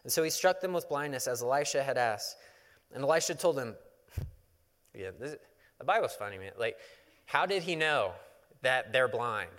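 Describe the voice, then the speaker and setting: A man's voice: medium pitch, lively intonation, moderate pace, pauses often, a bit bright. A male pastor preaching a sermon, retelling a Bible story in a casual, conversational way with touches of humor. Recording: long hall reverb.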